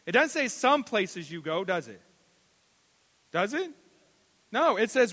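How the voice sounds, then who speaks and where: A pastor preaches with a high, lively delivery, repeating lines for emphasis. His bright, forceful voice rings through a large hall with a long reverb. He acts out little stories in different voices. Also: unhurried. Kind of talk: sermon.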